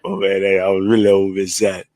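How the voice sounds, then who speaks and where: A young man with a heavy Southern US accent speaks in a low, level voice that barely rises or falls. He drawls through his answers and keeps coming back to "man". It sounds like a relaxed answer at a press conference. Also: quick pace, dry recording, clean studio sound. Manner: drawling, repeats "man" often. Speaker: drafted football player.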